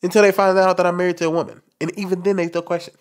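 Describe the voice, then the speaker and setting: A young man with a soft, light voice he calls feminine, telling a candid personal story to camera in an expressive, forward way and talking with his hands. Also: sits high, racing. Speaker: commentary channel host.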